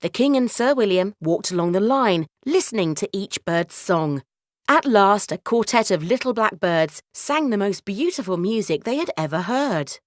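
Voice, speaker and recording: A woman reads a children's story aloud, her pitch moving in lively curves. The telling is animated and clear. The sound is dry and close to the mic. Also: moderate pace, dry recording. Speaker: narrator. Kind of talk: scripted children's story narration.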